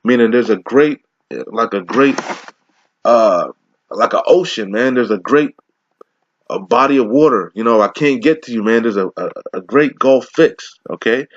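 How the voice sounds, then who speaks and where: A man's voice: medium pitch, lively intonation, no room sound, dull audio. Casual, slangy man teaching scripture. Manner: casual slangy asides, profane, laughs often; slow deliberate scripture reading.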